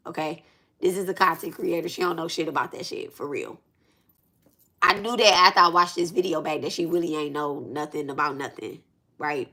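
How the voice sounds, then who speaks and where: Bright-voiced woman telling a profane story. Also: deep voice. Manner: profane, emphatic, repeats herself. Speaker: spiritual reader and vlogger. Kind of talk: casual storytelling monologue.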